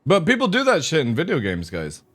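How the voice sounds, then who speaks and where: A man's voice: on the high side, wildly swooping pitch, brisk, a bit bright. A man livestreaming a game, chatting casually with viewers in a crude, joking, rambling way. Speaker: gaming streamer. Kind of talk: casual live-stream chat.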